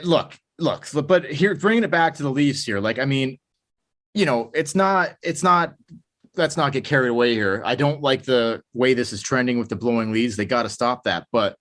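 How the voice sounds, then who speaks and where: A man's voice: mid-range voice, a bit bright. Ranting profane man. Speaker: podcast co-host. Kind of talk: casual sports chat.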